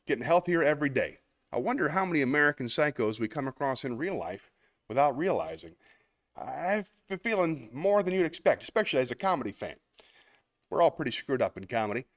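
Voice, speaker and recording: A man's voice: medium pitch, no echo. Brief: upbeat, chatty male stream host, mid-range voice, dry sound. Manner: upbeat, chatty, laughs between bits. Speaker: livestream host. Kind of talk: live-stream performance and chat.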